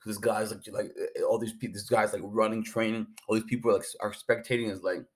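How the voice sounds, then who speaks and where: A man's voice: on the low side, little pitch movement, fast, slightly rough. A man giving a casual, rambling, hyped recap of an anime episode, full of slang and fillers. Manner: hyped, rambling, slangy, says 'bro' and 'like' constantly. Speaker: anime reviewer.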